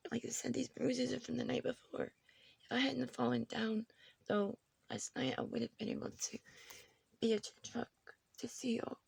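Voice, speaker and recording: Woman, very husky and creaky, short of breath, halting speech slipping into whispers, dry close phone sound. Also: fairly high pitch, dry recording. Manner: halting, repeating herself, often dropping to a whisper. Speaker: person recording a video message. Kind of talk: personal video message to family. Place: her room at home.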